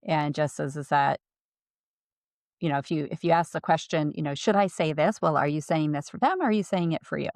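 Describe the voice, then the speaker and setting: A woman's voice: low-pitched, fairly quick, a little mellow, dry recording, studio quality. A woman co-hosting a podcast, talking candidly in a loose, chatty, everyday way. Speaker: podcast co-host. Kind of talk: casual podcast conversation.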